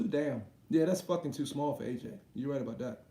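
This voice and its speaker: Slangy boxing streamer, echoey room. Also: male voice, medium pitch, dark tone. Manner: loose, slangy and profane, quick reactions. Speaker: boxing livestream host. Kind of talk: casual livestream chat, reading viewer comments aloud.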